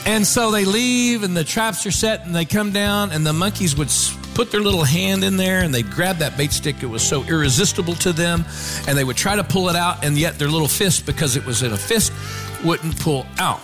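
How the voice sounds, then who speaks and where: A man, a pastor, preaching a lively rambling sermon, telling stories and chuckling as he goes. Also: high voice, brisk, music in the background. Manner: excitable, rambling, chuckling storyteller.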